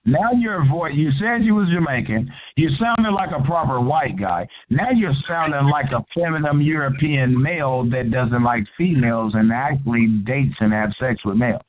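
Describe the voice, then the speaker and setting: A man's voice: medium pitch, animated, moderate pace, few pauses, slight background noise. A man hosting a call-in show, confrontational and profane, grilling a caller. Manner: profane, combative, interrogating. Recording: tinny phone-line audio.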